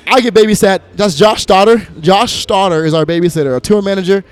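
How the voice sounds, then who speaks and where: High-voiced animated man from Minneapolis. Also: brisk, smooth. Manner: animated storyteller, swears freely, laughs often. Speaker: DJ and producer, guest. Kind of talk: casual interview chat.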